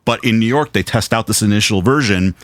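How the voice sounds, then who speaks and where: A man co-hosting a podcast, telling anecdotes in an animated, casual way with some swearing. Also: on the low side, a little fast, no echo. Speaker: podcast co-host. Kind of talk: casual film chat.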